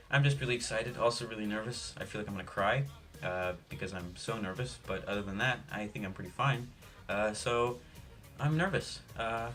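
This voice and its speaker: Young male vlogger, dry deadpan delivery, rambling jokey asides, faint background music. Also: mid-range voice. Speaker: sports vlogger. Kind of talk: jokey sports preview monologue.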